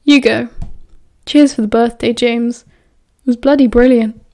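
A woman's voice: on the high side, steady tone, a little slow, dark tone. A woman reading a dry, teasing teenage boy. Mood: wry. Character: wry teenage boy wizard, dry and caring.

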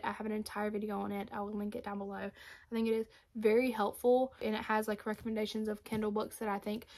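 A young woman with a slightly high voice chats to camera about books she loves. She gushes, gets emotional and talks with quick, animated energy. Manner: gushing, emotional, fast and animated. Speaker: book vlogger. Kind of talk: casual book recommendations to camera.

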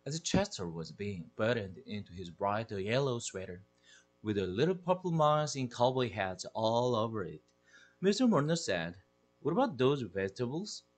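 Husky man reading a children's book aloud. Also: lowish voice, very animated, normal speed. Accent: Korean. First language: Korean. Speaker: English teacher.

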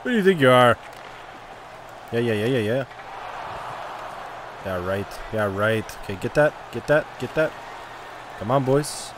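A man giving casual, excitable commentary over his own gameplay, cheering and trash-talking the players. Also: medium pitch, unhurried, long pauses, noisy background. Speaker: gaming commentator.

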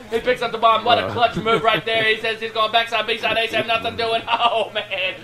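A man giving excitable, profane, joking play-by-play commentary over an online shooter match. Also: very high-pitched, moderate pace, few pauses. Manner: excitable, hyped, laughing, swearing freely. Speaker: gameplay shoutcaster.

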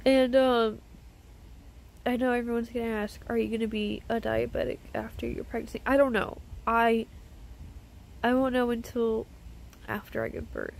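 A woman vlogger talking to camera in a personal video diary, close to tears, halting with many pauses and restarts. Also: on the high side, gravelly, slight background noise, poor audio.

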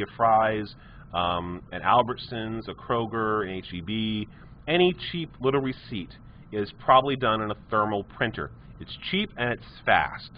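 A man teaches a technology class live, mixing chatty stories and asides into the lesson. His pitch swings in a lively, animated way. The recording is muffled and lo-fi, with faint room ambience behind him. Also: slight background noise. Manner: chatty, storytelling asides to students.

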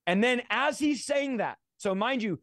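A man's voice: very high-pitched, lively intonation, normal speed, a bit bright, no room sound, clean studio sound. A man earnestly telling a personal conversion story as an interview guest, repeating key phrases for emphasis.

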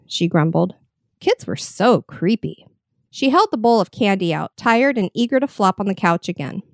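A woman reading a horror story with measured, expressive narration. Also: mid-range voice, creaky, dry recording, clean studio sound. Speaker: story reader.

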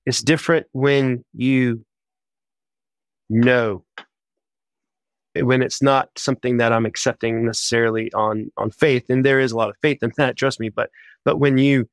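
Man, missionary guest, casual and lively interview storytelling, mid pitch. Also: gravelly, no echo. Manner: animated, chatty, quick bursts.

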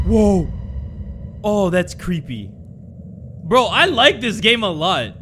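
A young man playing a horror game on video. He narrates it with comic panic, swears a lot and yells when scared. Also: high voice, very animated, a little slow, pauses often, background noise. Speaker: gaming YouTuber. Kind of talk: let's play commentary.

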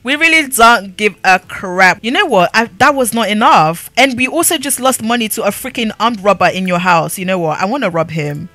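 A woman's voice: medium pitch, lively intonation, brisk, few pauses, sharp tone, no room sound. A young woman giving sassy, laughing commentary while playing a life-sim game. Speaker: gaming YouTuber. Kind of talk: let's-play commentary.

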